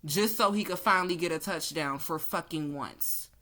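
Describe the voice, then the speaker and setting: Tarot reader, woman, lowish bright forceful voice, blunt profane ranting. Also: moderate pace. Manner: blunt, heated, cussing freely.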